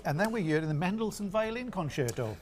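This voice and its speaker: A man's voice: sits high, animated, a little fast. A man commentating in casual chat, chatty and anecdotal with a jokey streak.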